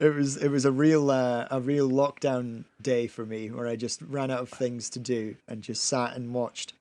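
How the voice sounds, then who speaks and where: A man's voice: medium pitch, little pitch movement, moderate pace, a little mellow. Chatty male podcast co-host. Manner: chatty, laughs often, repeats words as he restarts. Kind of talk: casual podcast chat.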